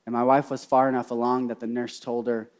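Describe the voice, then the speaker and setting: A young man preaching a sermon, repeating key phrases and swinging from hushed personal storytelling to loud, fervent cries. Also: medium pitch, level tone, brisk. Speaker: pastor.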